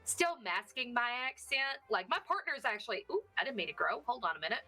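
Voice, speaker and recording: A young woman from Texas with a clear Southern drawl, her voice bright and forceful and her pitch swinging widely as she jokes. She talks in a loose, chatty way, like a guest in an online interview, with faint music underneath. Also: a little fast. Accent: Texan Southern. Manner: animated, joking, drawling. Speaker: VTuber guest. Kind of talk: casual interview chat.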